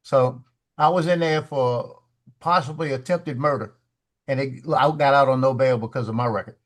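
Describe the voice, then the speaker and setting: A man's voice: mid-range voice, moderate pace. Rambling man telling a story. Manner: animated storyteller, acts out the voices of people in his story; rambling, repeats words as he restarts. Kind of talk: casual studio chat. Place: studio.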